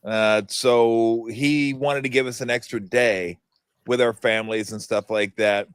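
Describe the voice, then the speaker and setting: A man's voice: medium pitch, fairly even intonation, a little slow, smooth, dry recording, studio quality. A middle-aged man hosting a casual sports talk show, telling stories animatedly and laughing often. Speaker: podcast host.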